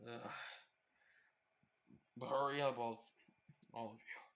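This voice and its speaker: A weary grown-up teacher, played by a male narrator, grumbling in a tired, subdued voice with a bright edge. He sounds fed up and sighs his words out. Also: medium pitch, fairly even intonation, slow, pitched below the performer's own voice.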